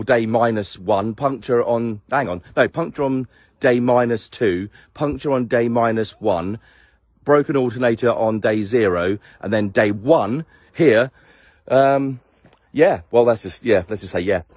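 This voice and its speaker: A man's voice: medium pitch, darkish tone, a little hiss or hum. A man leading a charity motorbike trip, talking to his handheld phone camera outdoors on a headland, chatty and rambling, tired from little sleep. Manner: rambling, self-mocking, chatty. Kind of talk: casual vlog to camera.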